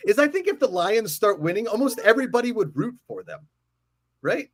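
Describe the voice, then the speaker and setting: Animated high-voiced sports podcast host. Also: male voice, no room sound. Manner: animated, ranting, quick to apologize for yelling. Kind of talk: casual sports chat.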